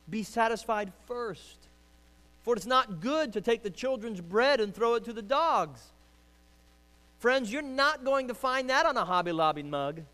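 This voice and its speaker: A man preaching a sermon as pastor, emphatic, swinging from hushed lines to loud ones. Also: high voice, big-room sound.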